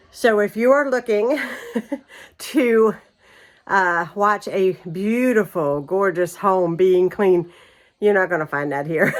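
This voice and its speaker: A middle-aged woman chatting casually to her camera at home, with lots of ums and easy laughter. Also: medium pitch. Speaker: home vlogger. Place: guest room of an old house. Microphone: camera held by her.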